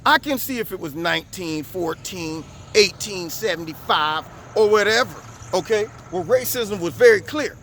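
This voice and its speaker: A man hosting a vlog, giving an animated, preachy political monologue outdoors on camera. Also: high voice, normal speed, few pauses, a little hiss or hum. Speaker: vlog host. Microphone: camera recording himself.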